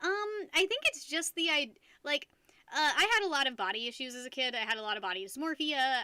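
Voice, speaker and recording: Young woman, high-pitched, bright tone, dry close sound, giggly live-stream chatter, restarts a lot. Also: dry recording. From United States. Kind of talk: casual live-stream chat.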